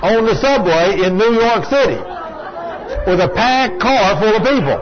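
A man preaching a sermon in a folksy storytelling manner, rising to fervent shouts when he quotes. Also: sits high, lively intonation, moderate pace, some chatter behind. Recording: dull lo-fi sermon recording.

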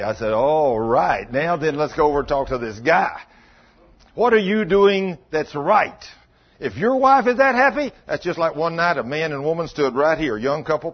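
A preacher man tells sermon stories in a folksy way, acting out both sides of each conversation. His voice sits a little high and sounds husky. The recording is dull and lo-fi. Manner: folksy, acts out dialogue, drops to low intense tones. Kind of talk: sermon storytelling.

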